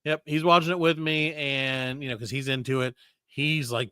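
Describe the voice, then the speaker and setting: A man's voice: medium pitch, steady tone, moderate pace, bright, forceful tone, smooth, no room sound, studio quality. A middle-aged man hosting a comedy podcast, ranting with plenty of swearing and telling exasperated stories. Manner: profane, ranting, exasperated storytelling. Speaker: podcast host. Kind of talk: casual comedy podcast chat.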